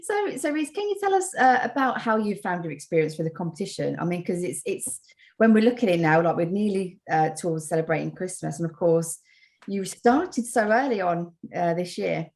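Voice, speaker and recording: A woman's voice: fairly low pitch, expressive, a little fast, darkish tone. A woman interviewing a competition winner, cheerful and teasing in her questions. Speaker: interviewer, host. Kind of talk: casual interview.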